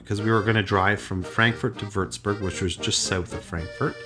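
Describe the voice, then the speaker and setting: A Canadian man hosting a podcast, telling a story in a lively, self-deprecating way. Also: fairly low pitch, normal speed, hardly any pauses, music in the background. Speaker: podcast host. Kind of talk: casual storytelling chat.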